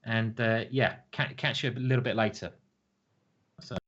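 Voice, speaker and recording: A man's voice: medium pitch, steady tone, moderate pace, lo-fi sound. Chuckling, rambling man streaming chess commentary. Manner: rambling and jokey, chuckling at his own stories. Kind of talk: casual live-stream chat. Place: home streaming setup.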